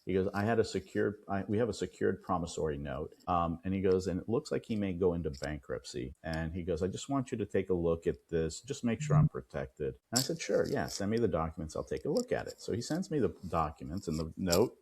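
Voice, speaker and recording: A man, an attorney and podcast guest, telling a client story with lively quoted dialogue. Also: sits low, a little fast, few pauses, husky. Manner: animated retelling, acts out quoted dialogue. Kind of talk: storytelling in an interview.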